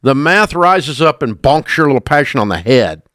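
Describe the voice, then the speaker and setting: A man's voice: medium pitch, very animated, normal speed, a bit bright, no echo, clean studio sound. A middle-aged man hosting a call-in radio advice show, speaking bluntly and emphatically and scolding bad choices.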